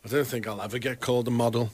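A man's voice: medium pitch, steady tone, fast talker. Wisecracking male radio co-host. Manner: wisecracking, chuckling. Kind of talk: casual radio chat.

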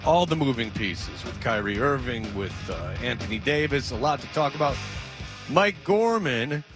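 A man's voice: medium pitch, expressive, moderate pace, music in the background. A man hosting a sports radio show from media row at a convention center, joking in a playful way. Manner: jokey, playful. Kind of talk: casual sports radio chat.

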